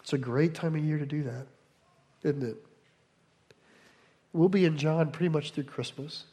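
A male pastor with a notably high voice, preaching in a loose, conversational way. He breaks off often for asides and explanations. His words ring with the long reverb of a big church hall. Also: moderate pace, dark tone, husky. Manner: conversational teaching with frequent asides. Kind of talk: sermon.

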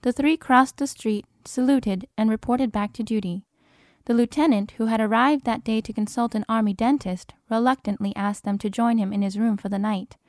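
A woman narrating an audiobook in a measured, expressive way. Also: a little high, no echo, studio quality. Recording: narration over film score.

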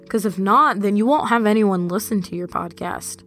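A young woman hosting her own podcast, talking casually and directly to her listeners in a relaxed, chatty monologue. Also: mid-range voice, unhurried, few pauses, faint music behind. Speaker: podcast host.

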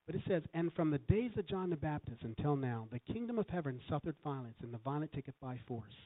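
A man's voice: fairly high pitch, expressive, fast talker, no room sound. A man preaching a sermon, quoting scripture and telling a story, with emphatic swells on key lines. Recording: tinny phone-like recording.

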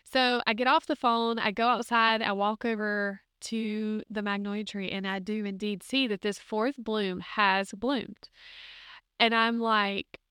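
A woman's voice: medium pitch, little pitch movement, unhurried, a bit bright, clean tone, no room sound, studio quality. A woman hosting a podcast, telling a personal faith story in an earnest, emotional, conversational way, often saying "like". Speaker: podcast host.

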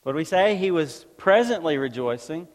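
A high-voiced male pastor preaches in a relaxed, conversational way. He keeps turning to the congregation with rhetorical questions, and his voice rings out with a long reverb tail, as in a church sanctuary. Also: normal speed. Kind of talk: sermon.

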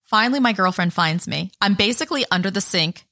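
A woman's voice: mid-range voice, animated, fast, bright, forceful tone, no echo, studio quality. A woman co-hosting a podcast, telling a story in casual chat and swearing freely. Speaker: podcast co-host.

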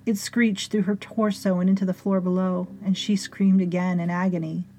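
A woman narrating a story in a measured, dryly amused way. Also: on the low side, flat delivery, warm tone, slight background noise. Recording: faint music behind.

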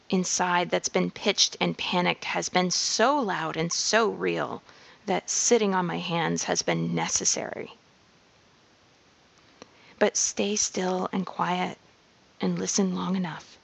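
A woman giving a slow, measured reflective monologue on personal growth. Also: lowish voice, creaky. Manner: slow, measured, drops into whispers.

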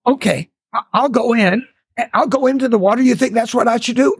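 A man's voice: very high voice, a little fast, breathy edge, no room sound, voice pushed up, heavily acted. A man voicing a large male elephant king who is humbled and sorry, talking hesitantly with stammering apologies. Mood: worried.

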